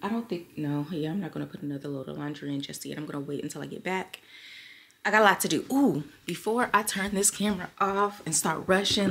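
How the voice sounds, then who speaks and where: A woman's voice: sits low, a little fast, fairly bright tone, a little hiss or hum. Chatty young woman vlogging at home. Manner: chatty, rambling, addresses viewers as y'all. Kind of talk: casual chat to camera.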